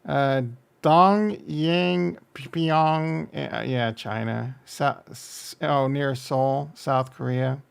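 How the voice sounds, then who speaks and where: A man's voice: medium pitch, fairly even intonation, very slow, creaky, hardly any pauses, smooth. A man reacting to online videos, talking bluntly and joking crudely over the clips.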